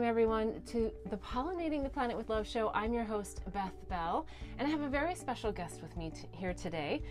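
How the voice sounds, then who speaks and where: A woman hosting a talk show, telling a story to her guest with eager energy and sometimes sinking to a soft hush for heartfelt points. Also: mid-range voice. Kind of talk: animated interview storytelling. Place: recording studio.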